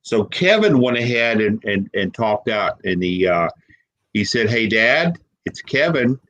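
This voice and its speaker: A man as an interview guest telling a personal story, emotional and halting, repeating words as he holds back tears. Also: fairly low pitch, sing-song, fairly bright tone, muffled recording. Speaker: guest paranormal investigator.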